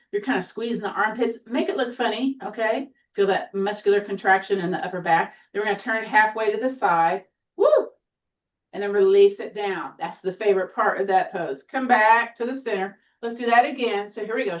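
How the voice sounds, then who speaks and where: A woman guides a seated tai chi class, her cues gentle, encouraging and now and then playful. She sounds a little away from the mic, and the sound comes through muffled and dull. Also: medium pitch, recorded from a distance.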